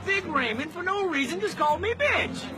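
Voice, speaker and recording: An actor playing an indignant adult male inmate in a movie, shrill and theatrical, making a loud scene. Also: sing-song, moderate pace. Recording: film clip with music and crowd noise.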